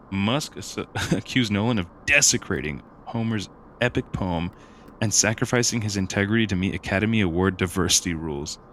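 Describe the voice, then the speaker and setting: A man's voice: low voice, a bit bright, slight background noise. A young man co-hosting a podcast, talking loosely with lots of fillers and slang in casual chat. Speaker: podcast co-host.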